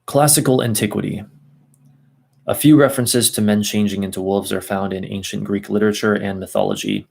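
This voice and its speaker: A man's voice: lowish voice, animated, a little fast, gravelly, darkish tone. A man reading a text aloud at an easy pace, stopping for asides and second tries at hard names. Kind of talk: casual reading and commentary.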